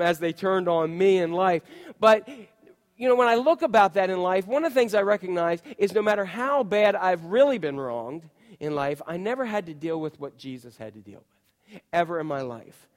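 A man preaching a sermon, telling a personal story and asking the congregation questions. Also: high-pitched. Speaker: pastor. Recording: long hall reverb.

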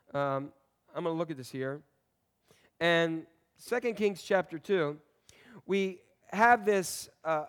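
Man, pastor, high voice, conversational sermon, folksy asides, loud then quiet. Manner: swings between loud emphasis and quiet asides.

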